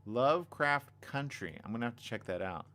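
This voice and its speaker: A man hosting a casual live stream on a desk mic, reading viewer comments and chatting excitably. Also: mid-range voice, brisk. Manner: animated, excitable, reads viewer comments aloud. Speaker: livestream host. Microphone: desk condenser mic.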